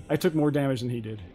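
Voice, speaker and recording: A man's voice: medium pitch, slight background noise. Chatty man musing while gaming. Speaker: gamer playing on stream. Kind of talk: casual let's-play chat.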